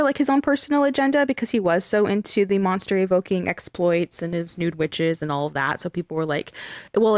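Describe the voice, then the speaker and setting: A woman's voice: mid-range voice, no echo. Chatty woman host recorded dry and close. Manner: chatty, swears freely, tells the story. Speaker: podcast host. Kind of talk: casual chat.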